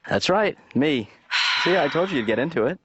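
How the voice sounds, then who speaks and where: A man's voice: fairly high pitch, animated, background noise, lightly acted. An actor playing a lazy, aimless young man who mumbles and halts in a cartoon, heard as muffled lo-fi TV audio. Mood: mumbling. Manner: mumbling, halting, drawn out.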